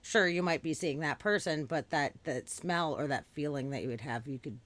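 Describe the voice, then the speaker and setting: A woman's voice: low-pitched, moderate pace, a bit bright, no echo. A woman hosting a podcast, musing thoughtfully in casual conversation with her guest. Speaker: podcast host.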